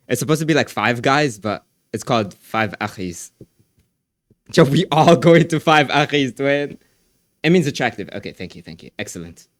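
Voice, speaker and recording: A man's voice: mid-range voice, a bit bright, dry recording, clean studio sound. A young man streaming live, chatting casually in a rambling, slangy way with lots of restarts.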